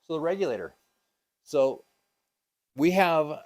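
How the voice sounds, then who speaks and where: A man's voice: on the high side, a little fast, pauses often. A man teaching a scuba diving class, casual and upbeat, with many ums and uhs, asking the class questions.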